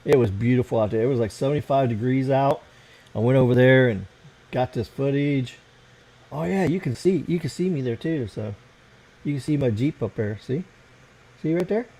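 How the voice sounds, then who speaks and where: An American man with a medium-pitched, dark voice speaks at normal speed on a low-quality recording. He's hosting a casual late-night livestream, rambling and swearing as he fiddles with his computer.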